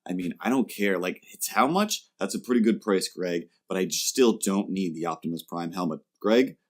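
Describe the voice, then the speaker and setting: Male podcast host, low voice, animated comic storyteller. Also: brisk. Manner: animated, acts out quoted customers in jumpy voices. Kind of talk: comedic storytelling chat.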